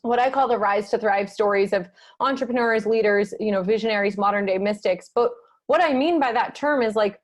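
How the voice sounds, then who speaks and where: A woman's voice: medium pitch, brisk, few pauses. A woman hosting a podcast interview, enthusiastic and casual, swearing freely. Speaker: podcast host.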